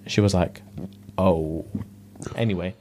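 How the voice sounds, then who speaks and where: Animated man retelling drama. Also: mid-range voice, fairly quick, slight background noise. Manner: animated storyteller, acts out quotes, heavy slang. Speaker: podcast co-host. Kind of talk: casual chat, retelling a reality show.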